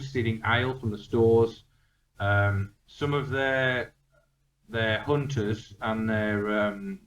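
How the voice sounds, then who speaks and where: A man narrating as dungeon master, rambling with many fillers and restarts. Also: on the low side. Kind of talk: narrating a tabletop game. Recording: echoey room, distant mic.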